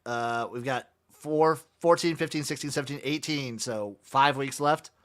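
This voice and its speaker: A man co-hosting a podcast, briskly running through football matchups and picks in casual chat. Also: medium pitch, fairly bright tone. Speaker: podcast co-host.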